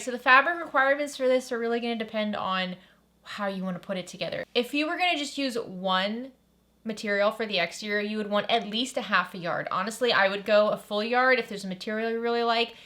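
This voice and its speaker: A bubbly young woman talks through a sewing tutorial in a chatty, upbeat way. Her voice is bright and forceful, sitting a little high for a woman. She sounds eager and easygoing as she explains each step. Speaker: sewing pattern designer and channel host.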